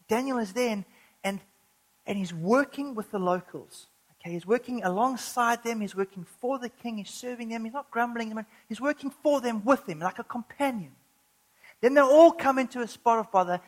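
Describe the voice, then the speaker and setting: A woman preaching a sermon, earnest, building to urgent emphasis and slowing down when reading scripture. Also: a little high, rough recording.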